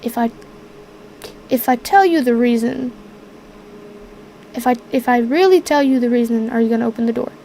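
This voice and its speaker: A woman's voice: on the high side, moderate pace, pauses often, dark tone, a little hiss or hum, lightly acted. A woman voicing a scrawny, blunt male bobcat who speaks crudely in a tabletop game. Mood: blunt, wary. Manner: blunt, crude, matter-of-fact.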